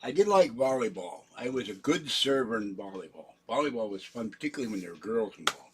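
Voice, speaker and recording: A man's voice: lowish voice, very animated, quick pace, fairly bright tone, slight background noise. An older man rambling in a casual livestream from his home computer, wandering between stories with a self-mocking manner. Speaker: livestream host.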